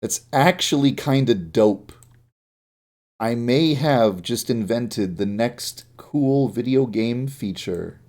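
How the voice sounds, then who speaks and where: A man's voice: medium pitch, animated, takes it slowly, darkish tone. A sleepy man streaming as a game developer, muttering to himself while he works and throwing in jokey asides. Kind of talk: live-stream coding commentary.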